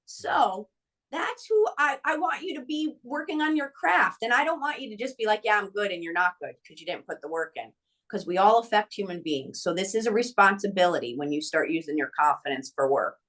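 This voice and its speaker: Woman, mental skills coach, animated interview guest who acts out dialogue. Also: medium pitch, fairly quick. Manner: emphatic and coaching. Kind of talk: podcast interview.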